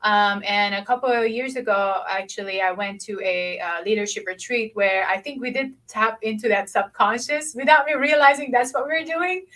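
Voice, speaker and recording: A woman's voice: medium pitch, moderate pace, few pauses, a bit bright, rough recording. A woman from Lebanon hosting a podcast interview, sharing a personal story in a chatty way with many fillers. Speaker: podcast host. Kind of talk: conversational interview.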